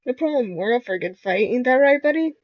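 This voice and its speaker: A woman voicing a manic, boastful male bomber, loud and excitable. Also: on the high side, fast, no room sound, muffled recording, pitched above the performer's own voice. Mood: excited boasting. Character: manic male Australian junk-loving bomber.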